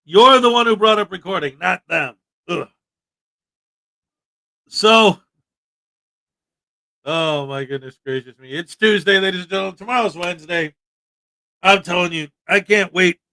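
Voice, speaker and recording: A man hosting a casual livestream chat, joking and animated with sudden loud bursts. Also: high-pitched, unhurried, creaky, pauses often. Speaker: livestream host.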